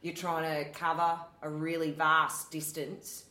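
A middle-aged Australian woman chatting and explaining in a relaxed, laughing way. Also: deep voice, measured pace. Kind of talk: casual chat. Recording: echoey room.

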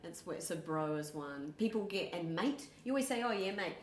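A woman's voice: on the low side, animated, normal speed, a little hiss or hum. A young woman with a New Zealand accent chatting casually, rambling with many fillers. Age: young adult. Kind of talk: casual chat. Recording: echoey room.

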